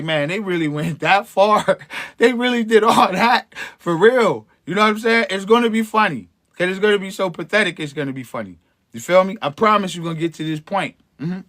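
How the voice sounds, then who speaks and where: High, bright-voiced man coaching viewers. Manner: preachy, encouraging, chuckles often, slangy. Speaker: host, empowerment coach. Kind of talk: livestream motivational talk to viewers.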